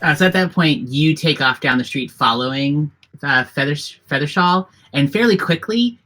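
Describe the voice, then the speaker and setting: A tabletop game master narrating the scene in a loose, rambling way, circling back and restarting as the scene unfolds. The voice is bright and forward. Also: medium pitch, lively intonation, normal speed, rough recording. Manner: rambling, heavy with fillers and restarts.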